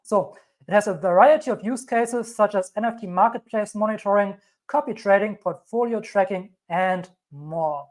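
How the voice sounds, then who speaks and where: A woman's voice: mid-range voice, normal speed, darkish tone. A woman with a thick German accent, hosting a live crypto stream, emphatic and reassuring, repeating her points and reading news aloud. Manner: reads news items aloud. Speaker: crypto channel host.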